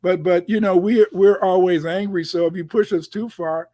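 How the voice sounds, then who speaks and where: A man's voice: high voice, steady tone, normal speed, dark tone, no room sound. A man on a video call, chatting casually and telling stories, often repeating his words as he rambles. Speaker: guest commentator. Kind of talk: casual conversation.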